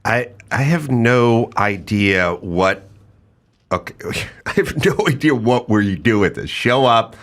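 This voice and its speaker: A man with a bright, forceful voice tells a story in casual podcast chat. His pitch swings up and down as he acts out other people's lines, and he sounds middle-aged. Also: animated, slow pace. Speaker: podcast host.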